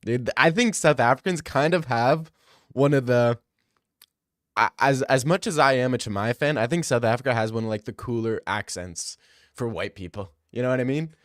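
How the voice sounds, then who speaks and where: A young man streaming and chatting casually with viewers. He talks in excited, fast bursts and often repeats himself. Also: medium pitch, dry recording, studio quality.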